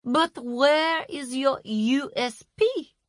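Woman voicing a slow, lecturing bossy woman. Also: high voice, no room sound, voice pushed up. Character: stern bossy woman running a corporate-style session.

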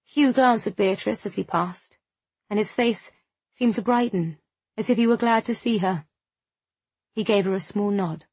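A woman narrating an audiobook in a measured, even way. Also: medium pitch, breathy edge, no echo.

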